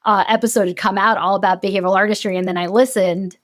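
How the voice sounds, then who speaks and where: A woman joining a podcast as the guest expert, chatting in an animated, laughing way and acting out her own reactions. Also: mid-range voice, quick pace, dry recording, clean studio sound. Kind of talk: casual podcast chat.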